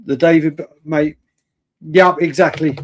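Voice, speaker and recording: A man's voice: fairly high pitch, steady tone, takes it slowly. A tired man hosting a late-night live fan stream, ranting chattily with frequent stammers and restarts. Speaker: fan podcast host.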